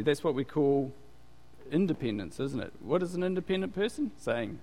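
A man with a medium-pitched, animated, slightly mellow voice speaks at a moderate pace, preaching a chatty, conversational sermon as pastor in a church. He often quizzes the congregation, asking questions and waiting for their answers. The recording carries the long reverb of a hall.

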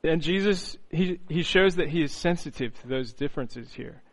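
A man preaching an earnest, reflective sermon, often pausing on "you know" and restarting phrases. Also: on the high side, low-quality recording.

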